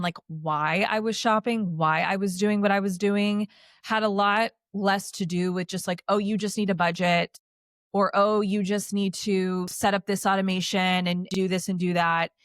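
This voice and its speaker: A woman's voice: medium pitch, unhurried, dry recording, studio quality. A woman in her thirties, a podcast guest, telling her story in a casual, chatty way, peppering her speech with "like" and dropping in sarcastic asides. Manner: chatty, heavy use of "like", animated with sarcastic asides.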